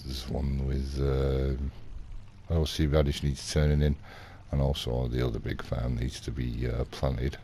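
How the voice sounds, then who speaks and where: In a very deep, dark voice with little pitch movement, a man unhurriedly tells an indignant in-character gaming story as a vlogger. The telling is rambling and casual with acted quotes, and there's a little hiss or hum.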